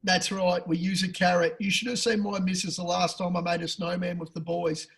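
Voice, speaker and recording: An Australian man with a high-pitched voice talks racing tips in a rowdy, profane way. He gets fired up and loud, then drops to a low mutter for jokes. It is casual podcast banter between mates. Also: brisk, rough recording. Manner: loud, crude and excitable, swears a lot. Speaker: podcast co-host. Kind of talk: casual betting tips chat.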